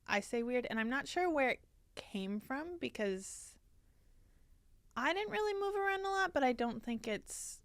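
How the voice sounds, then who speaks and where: A woman's voice: sits high, animated, unhurried, no room sound. A young woman hosting a casual podcast, talking in a playful, rambling way. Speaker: podcast host.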